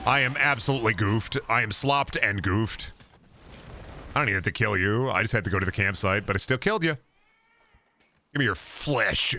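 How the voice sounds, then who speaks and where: A hoarse man streaming a game, chatting casually in a rambling, profane way that keeps restarting. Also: on the low side, brisk, pushed and bright. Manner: rambling, profane, self-interrupting. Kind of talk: casual gameplay chat.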